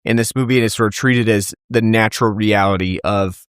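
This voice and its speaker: A man's voice: lowish voice, fairly even intonation, brisk, smooth, no room sound, clean studio sound. A man co-hosting a podcast, talking in a thoughtful, hedging way with lots of fillers. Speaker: podcast co-host. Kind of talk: casual film discussion.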